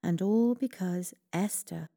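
A woman reading a children's Bible story aloud as storyteller, slow and expressive. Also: fairly low pitch, gravelly, no echo, studio quality.

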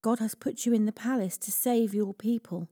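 A woman's voice: on the high side, steady tone, normal speed, dark tone, pitched above the performer's own voice, lightly acted. A woman voicing a devout, steadfast man in a storybook reading, firm and solemn.

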